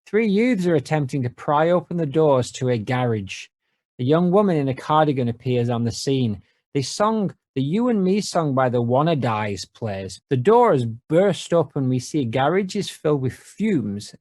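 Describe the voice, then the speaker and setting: A man co-hosting a podcast, wry and playful, reading out scene descriptions in a deadpan way. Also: medium pitch, no echo, clean studio sound. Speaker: podcast co-host.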